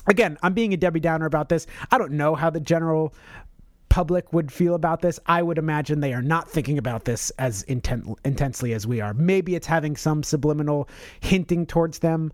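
A man's voice: on the high side, a little fast, dry recording, clean studio sound. A man co-hosting a podcast in casual chat, rambling with many restarts and self-corrections. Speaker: podcast co-host.

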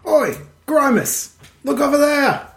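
High, slow, bellowing dim-witted ogre. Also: male voice, lively intonation, creaky, faint music behind, heavily acted. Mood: dim gloating. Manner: slow, bellowing, calls everyone mate. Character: dim-witted brutish male ogre brothers. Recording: echoey room.

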